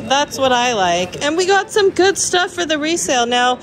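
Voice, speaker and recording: A woman chatting casually in a shopping vlog, excited and gasping as she browses a store, with music playing behind her. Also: sits high. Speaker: thrift reseller vlogger.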